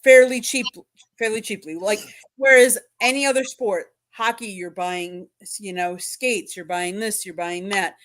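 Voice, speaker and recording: A woman's voice: medium pitch, unhurried, fairly bright tone. A woman on a sports talk panel, casually explaining her point step by step with examples.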